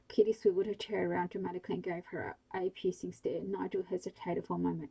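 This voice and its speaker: Ruhige Vorleserin mit knarzender Stimme. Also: female voice, fairly low pitch, little pitch movement, quick pace, vocal fry, hardly any pauses, dark tone, a little hiss or hum, poor audio. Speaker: sleep story narrator. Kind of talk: bedtime audiobook reading.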